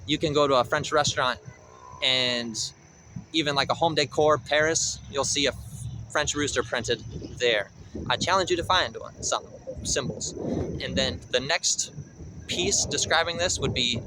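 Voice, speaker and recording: A man giving a language lesson outdoors, explaining a symbol and then slowly sounding out each word of a phrase. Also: medium pitch, background noise. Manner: slow, careful sounding-out of words. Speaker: language teacher. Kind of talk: pronunciation lesson.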